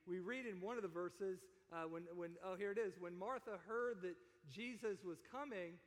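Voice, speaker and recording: A man preaching a sermon in a conversational, animated way, often asking his listeners questions. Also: high-pitched, moderate pace, big-room sound. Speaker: pastor.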